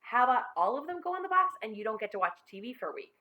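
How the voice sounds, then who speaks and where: A woman voicing a firm, exasperated mother who is clearing out toys in a storybook. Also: a little high, very animated, racing, pushed and bright. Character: exasperated mother sorting toys with her son.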